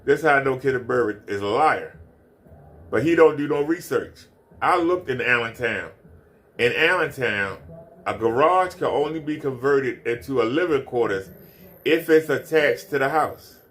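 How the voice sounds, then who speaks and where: Guy ranting on his stream, mocking, keeps repeating himself, aave, mid-pitched voice. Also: expressive, normal speed, fairly bright tone, slight background noise. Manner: repetitive, mocking. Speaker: commentary streamer. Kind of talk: ranting commentary.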